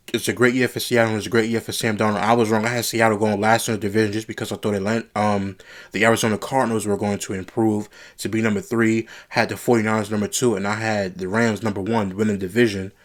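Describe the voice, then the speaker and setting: A young man giving a solo sports reaction, blunt and exasperated as he rants about a game. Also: on the low side. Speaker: sports commentator.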